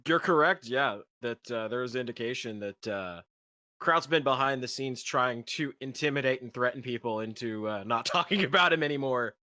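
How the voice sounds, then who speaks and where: A male stream host with a bright, forceful voice, chatting eagerly and backing up his guest. The sound is dry and close to the mic. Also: mid-range voice, moderate pace, no room sound. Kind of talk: casual livestream chat.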